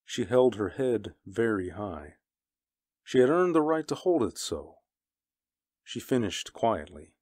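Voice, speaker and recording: A man narrates a story in a deep, husky voice. He reads slowly, grave and measured. The sound is dry and close. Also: big pitch swings, a little mellow, no echo. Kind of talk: scripted narration of pulp fiction.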